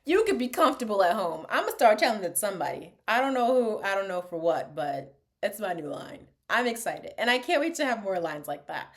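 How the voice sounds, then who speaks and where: A young adult woman chatting casually in a reaction vlog, animated, laughing often and dropping into quiet asides. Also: medium pitch, a little fast. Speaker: vlogger reviewing a TV show.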